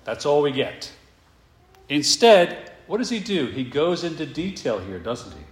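A male pastor preaching a sermon, emphatic and full of rhetorical questions, slowing down to stress his points. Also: on the high side, big pitch swings, reverberant.

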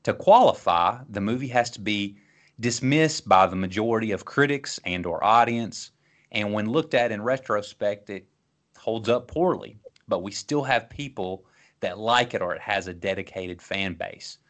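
A man's voice: on the low side, lively intonation, moderate pace, a bit bright. A man hosting a casual movie podcast, upbeat as he introduces the segment. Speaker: podcast host.

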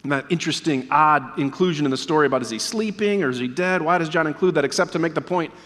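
Male preacher, high voice, dramatic sermon delivery that slows for emphasis, church hall reverb. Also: fairly bright tone. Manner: dramatic, slows down to stress words. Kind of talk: sermon after a scripture reading.

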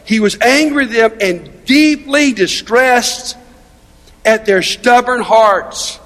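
A man's voice: very high-pitched, slow pace, a bit bright. A male pastor preaching a sermon in an emphatic, conversational way, asking his listeners rhetorical questions. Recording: long reverb of a large hall.

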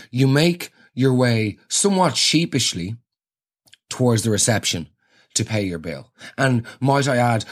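An Irish man hosting a podcast, telling a comic story in an animated, exasperated rant. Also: mid-range voice. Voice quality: animated, exasperated ranting with swearing. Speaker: podcast host. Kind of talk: comedic storytelling monologue.

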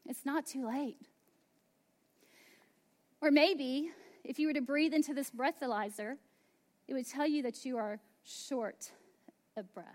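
Slow, high-voiced woman preaching. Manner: slow, emphatic preaching with soft, hushed asides. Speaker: pastor. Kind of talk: sermon.

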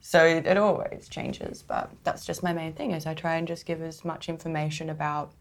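A woman's voice: low voice, big pitch swings, normal speed, vocal fry. An Australian woman in casual podcast chat, talkative and self-deprecating, often laughing.

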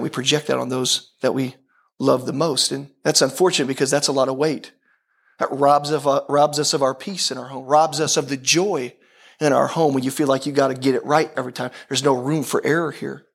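A man preaching a casual, conversational sermon, tossing in "right?" asides, restarting phrases and swinging between quick bursts and slow emphasis. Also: medium pitch, vocal fry, breathy edge. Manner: animated, talks to the crowd with frequent "right?" asides; self-deprecating, repeats and restarts phrases. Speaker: pastor.

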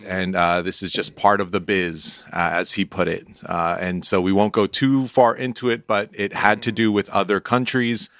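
A man's voice: low voice, fairly even intonation, moderate pace, hardly any pauses, a bit bright, dry recording. A man playing a press secretary in an improv comedy scene, hesitating with many fillers. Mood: evasive. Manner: hesitant, full of uh and um. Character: male press secretary fielding questions.

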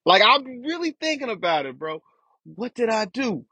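A young man with a husky voice vents on a podcast, swearing freely and circling back on his complaints in a loose, frustrated monologue. His voice sits at an ordinary pitch. The recording is dull and dry, with a lo-fi quality. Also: very animated, moderate pace, sharp tone, no echo. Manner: frustrated profane ranting about family. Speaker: podcast host.

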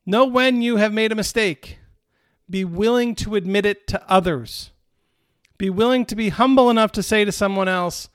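A man with a high voice gives a conversational sermon, repeating his main phrases to drive them home. He checks in with the listeners by asking "right?" and often restarts a sentence partway through. The sound is dry and close. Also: smooth, dry recording. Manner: repeats key phrases for emphasis; halting restarts mid-thought. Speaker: pastor.

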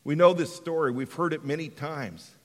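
A middle-aged man from Western Colorado preaching a sermon, dropping to hushed tones and rising to shouts. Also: on the high side, moderate pace, in a large hall. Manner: dramatic, swings from hushed to shouting. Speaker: pastor.

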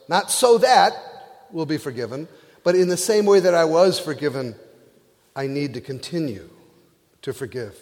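A man's voice: fairly high pitch, expressive, moderate pace, darkish tone, long reverb tail. A male pastor preaching a sermon, retelling a parable with playful asides.

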